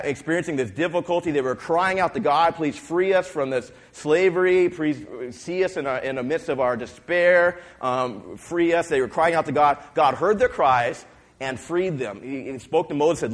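A male pastor preaching a sermon, retelling scripture in a lively storytelling way and acting out the voices of the people he quotes. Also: fairly high pitch. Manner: fillers and restarts.

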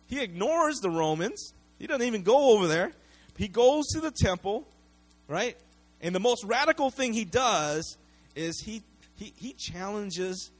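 A man with a high voice preaches a sermon to his congregation. He talks in a loose, conversational way, stumbles over and repeats words, and keeps checking in with "right?". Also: slightly rough. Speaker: pastor.

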